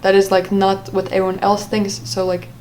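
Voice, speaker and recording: A young woman talks through a personal story in a loose, unscripted way, full of fillers, restarts and asides. Her pitch sits in an ordinary middle range. A faint hiss runs under the recording. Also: completely flat delivery, moderate pace, a little mellow. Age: young adult. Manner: rambling with frequent fillers and restarts. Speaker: vlogger. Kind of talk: casual storytime monologue.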